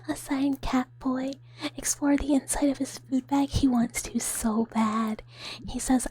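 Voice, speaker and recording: A woman streamer doing a whispered role-play, chatting softly with viewers in a breathy whisper and giggling often. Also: high voice, normal speed. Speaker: ASMR streamer.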